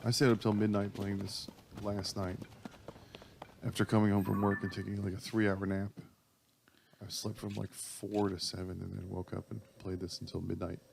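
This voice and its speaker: A man's voice: lowish voice, little pitch movement, moderate pace, creaky, slight background noise. A man co-hosting a casual gaming podcast, laid-back and jokey, laughing often. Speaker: podcast co-host.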